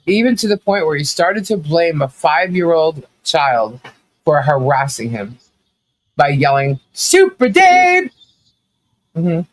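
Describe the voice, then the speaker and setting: A man's voice: fairly high pitch, measured pace, poor audio. A man co-hosting a podcast, telling a story in casual commentary, acting out quotes with laughing asides. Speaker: podcast co-host.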